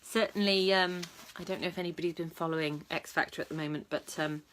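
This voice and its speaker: A woman's voice: on the low side, fairly even intonation, fast, fairly bright tone, a little hiss or hum. A woman talking casually to camera as a dog trainer, chatty and matter-of-fact, with lots of ums and restarts. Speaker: dog trainer and vlog host. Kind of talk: casual advice talk to camera.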